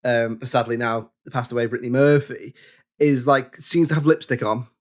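A man's voice: mid-range voice, steady tone, normal speed. Wry rambling man podcast co-host. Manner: wry, rambling, casual swearing. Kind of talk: casual film podcast chat.

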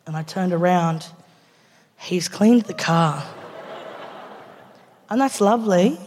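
A woman's voice: lowish voice, slow, pauses often, a little mellow. Australian woman doing stand-up in a theatre. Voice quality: laughs through lines, swears casually. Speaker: stand-up comedian. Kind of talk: live stand-up storytelling. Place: large theatre stage with a live audience. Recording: live theatre reverb, faint background noise.

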